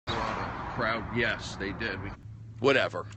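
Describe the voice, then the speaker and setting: A man's voice: fairly low pitch, normal speed. Rambling comedian man on a noisy street. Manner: rambling, repeats himself, restarts phrases; gets worked up and loud. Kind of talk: casual livestream storytelling. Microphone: phone livestream.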